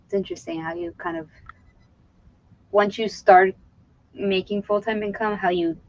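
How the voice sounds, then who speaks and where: A woman's voice: medium pitch, steady tone, normal speed, a little mellow, a little hiss or hum. A woman from Virginia hosting a casual reseller stream. She chats while she works, giggles often and says "like" and "you know what I mean" a lot. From Virginia, USA. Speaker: eBay reseller and channel host. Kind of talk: casual chat while working. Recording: slightly dull lo-fi sound.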